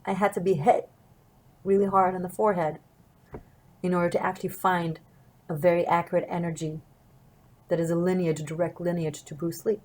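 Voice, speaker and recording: A woman's voice: lowish voice, level tone, a little fast, long pauses, low-quality recording. A woman tarot reader and martial artist telling a personal story to her viewers in an earnest, reflective, wandering way. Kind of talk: casual storytelling to camera.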